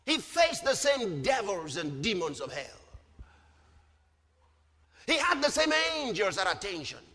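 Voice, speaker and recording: A man preaching a sermon emphatically, often rising to shouts and dropping low on repeated refrains. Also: sing-song, measured pace, slightly rough. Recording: long hall reverb.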